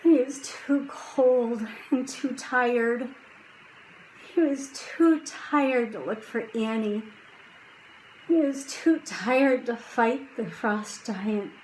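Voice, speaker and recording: A woman reading a children's chapter book aloud, slow and hushed at quiet moments and lifting her voice for drama. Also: a little high, slight background noise, rough recording. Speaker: audiobook reader.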